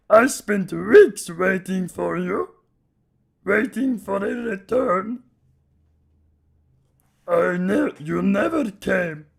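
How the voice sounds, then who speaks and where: A man voicing a hulking, simple-minded male brute who speaks in broken, slow phrases with a Russian-tinged put-on accent. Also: high-pitched, pitched above the performer's own voice, full character voice. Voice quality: gravelly, raspy, broken speech. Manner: slow, loud, shouting. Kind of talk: dramatic story reading.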